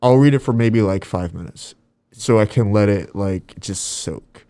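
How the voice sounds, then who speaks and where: Animated man in his twenties telling stories. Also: fairly low pitch, measured pace, dry recording. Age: 20s. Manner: animated storyteller, acts out quotes, trails off softly. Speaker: guest. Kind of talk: casual faith chat.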